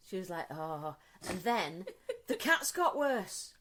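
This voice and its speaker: A woman in her forties co-hosting a casual chat podcast, telling stories through laughter and acting out shouts and voices. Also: mid-range voice, very animated, takes it slowly, a little hiss or hum. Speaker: podcast co-host.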